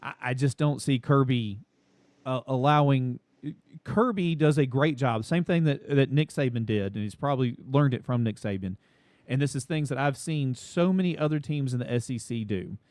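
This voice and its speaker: A man's voice: mid-range voice, moderate pace, a little mellow, no echo. A man co-hosting a casual college football talk show, folksy and drawn out when making a point.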